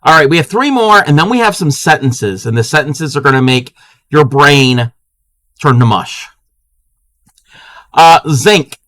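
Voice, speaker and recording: A man's voice: fairly high pitch, expressive, unhurried, pauses often, a bit bright, no room sound. A man hosting a casual live crafting stream, chatting playfully with viewers and laughing often.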